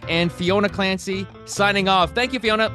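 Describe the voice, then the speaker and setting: A man's voice: high-pitched, moderate pace, pushed and bright, soft background music. A man hosting a podcast, talking in an enthusiastic, casual way with lots of uh's and like's. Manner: enthusiastic, many fillers like uh and like. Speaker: podcast host. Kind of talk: casual interview chat.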